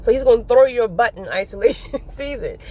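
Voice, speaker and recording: A woman giving a casual spiritual talk to her viewers, animated and often breaking into laughter. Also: a little high, brisk. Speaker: faith vlogger.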